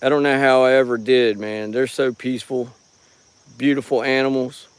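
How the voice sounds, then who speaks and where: A man's voice: mid-range voice, steady tone, normal speed, smooth, dry recording. A middle-aged man live-streaming outdoors at night on a rural property. He holds his phone in his hand and chats in a rambling, folksy way, greeting viewers by name. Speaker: live-streaming paranormal watcher. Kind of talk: casual live stream chat. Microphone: handheld phone.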